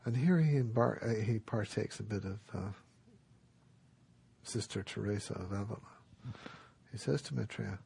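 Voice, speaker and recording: A man giving a dharma talk, telling a traditional story in a relaxed, unhurried way with many pauses. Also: on the low side. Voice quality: gravelly and very husky. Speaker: dharma teacher.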